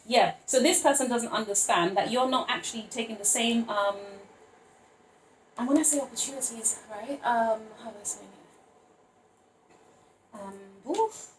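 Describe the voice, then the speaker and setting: A woman's voice: a little high, moderate pace, pauses often, reverberant, a little hiss or hum, low-quality recording. A woman giving a casual tarot reading to camera, playful and rambling, laughing often and calling her listeners honey and babes. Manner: playful, rambling, chatty, with frequent laughs and fillers. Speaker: tarot card reader.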